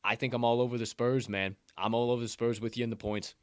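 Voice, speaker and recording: A man's voice: mid-range voice, steady tone, quick pace, clear, resonant tone, dry recording. A man hosting a sports betting show from a sportsbook, chatting casually with loose, profane joking asides.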